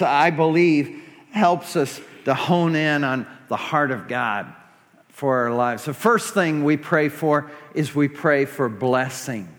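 A man's voice: fairly high pitch, fairly bright tone. A man preaching a sermon to a congregation, passionate and pleading as he builds to fervent prayer. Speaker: pastor. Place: church sanctuary. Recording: long hall reverb.

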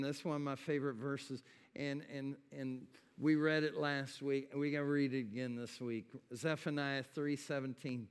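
A man preaching a sermon in a church, his voice swelling with feeling on quoted words of God and dropping low and intimate between them. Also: clear, resonant tone, big-room sound. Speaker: pastor. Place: church sanctuary.

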